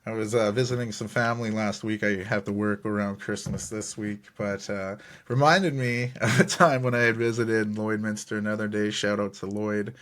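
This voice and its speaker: Male solo podcast host, voice a touch low, casual and chatty, loose storyteller. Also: fairly even intonation, normal speed, few pauses, fairly bright tone. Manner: laid-back, chatty storytelling with fillers and chuckles.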